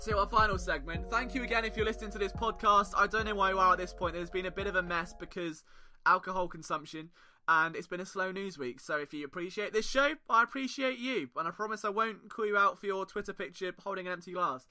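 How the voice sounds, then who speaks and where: A man's voice: sits high, fast talker, pushed and bright. A young English man with an English accent, hosting a solo sports podcast in a playful, jokey, sing-song way. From England. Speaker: podcast host.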